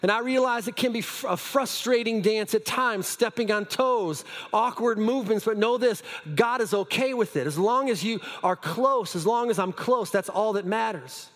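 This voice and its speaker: A high-pitched male pastor preaching in a church hall with a long echo. He tells his story with stumbling restarts, then sinks to hushed lines. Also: moderate pace, hardly any pauses. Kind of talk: sermon.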